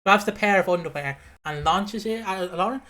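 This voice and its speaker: Bright-voiced man reading chat comments. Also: high voice, normal speed. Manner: bright, hesitant, lots of fillers and laughter. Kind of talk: casual chat.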